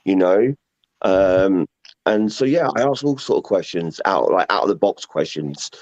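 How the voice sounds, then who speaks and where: A man's voice: low-pitched, expressive, unhurried, darkish tone, no room sound. A man with a London accent, a guest talking about paranormal investigating in a casual, rambling way full of fillers and repeats. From England. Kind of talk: casual chat. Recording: muffled lo-fi audio.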